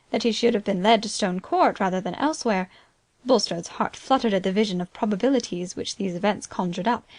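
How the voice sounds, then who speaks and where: A woman narrating an audiobook of a classic novel. She reads in steady, even scripted narration at a middle pitch. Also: no echo.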